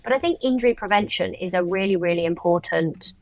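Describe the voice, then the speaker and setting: Woman co-host, horse trainer; lowish voice, dry close sound, practical and explanatory. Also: fast, no room sound. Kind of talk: casual podcast conversation.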